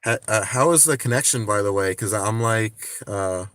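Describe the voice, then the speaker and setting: A man's voice: lowish voice, moderate pace, fairly bright tone. A man chatting casually on a phone livestream, rambling with many restarts and frequent swearing.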